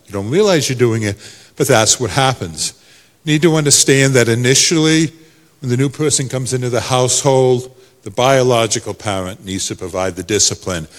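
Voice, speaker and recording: Man, pastor preaching, quiet then loud, mid pitch, echoing hall. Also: normal speed. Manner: preaching with swings from soft to loud. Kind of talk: sermon.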